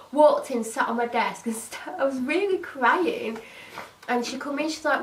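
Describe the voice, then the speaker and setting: A woman's voice: on the high side, brisk, roomy sound, far from the mic, low-quality recording. A woman casually telling a story about her old job, acting out what each person said. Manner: animated retelling, voicing other people's lines. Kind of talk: casual story-time monologue.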